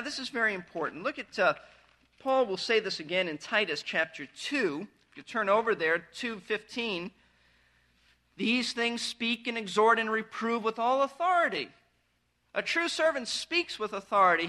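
Bright high-voiced male preacher. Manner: earnest, emphatic preaching with rising stress. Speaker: pastor. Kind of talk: verse-by-verse sermon.

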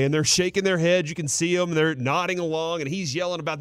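A man hosting a sports radio show in a studio, pausing on "uh" fillers and turning animated as he retells a story. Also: on the high side, clear, resonant tone, no echo. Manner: halting, many "uh" fillers, animated when retelling. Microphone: studio microphone.

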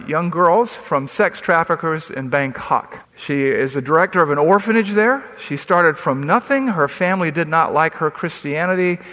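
A man's voice: on the high side, sharp tone. Preaching man in an echoing hall. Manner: emphatic, storytelling with quoted dialogue. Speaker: pastor. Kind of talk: sermon. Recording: long reverb of a large hall.

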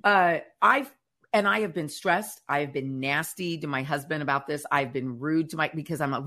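A woman co-hosting a casual faith chat show, telling stories in an animated way and acting out what others said. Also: deep voice, normal speed. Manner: animated storyteller who acts out quotes. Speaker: podcast co-host.

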